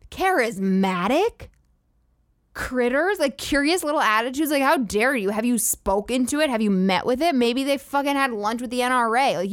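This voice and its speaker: A woman's voice: on the high side, no echo, studio quality. A woman hosting a podcast, ranting in a profane, incredulous and sarcastic comedic style. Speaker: podcast host. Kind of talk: comedic rant.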